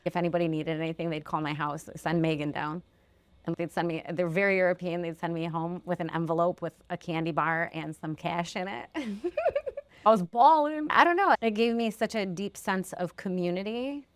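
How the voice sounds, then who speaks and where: Podcast co-host, upbeat and casual, lower voice, dry mic. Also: female voice, fairly even intonation, fairly quick, smooth, no echo. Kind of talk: casual chat.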